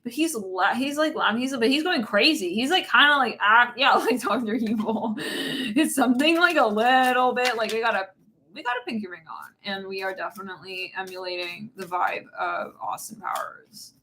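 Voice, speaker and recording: A woman rambles through a tarot reading in a bright, forward voice, laughing at her own words and swearing without a filter. Her tone is casual and blunt. A faint hiss sits under the recording. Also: a little high, normal speed. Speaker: tarot reader.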